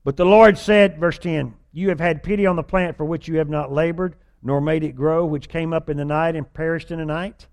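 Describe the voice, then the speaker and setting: A man with a fairly high-pitched voice preaches in a folksy, humorous way. He mixes scripture reading with playful asides and exaggerated whining impressions. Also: steady tone, a little fast, creaky, few pauses, darkish tone. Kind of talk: sermon.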